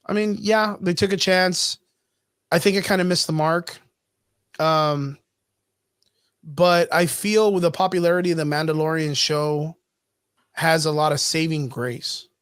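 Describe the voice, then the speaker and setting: This is a man with a high-pitched voice, talking casually as a podcast co-host. He is animated and swears freely, and the sound is dry and close. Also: a little slow, long pauses, clear, resonant tone, no echo. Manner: animated, profane, acts out scenes in put-on voices. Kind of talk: casual chat.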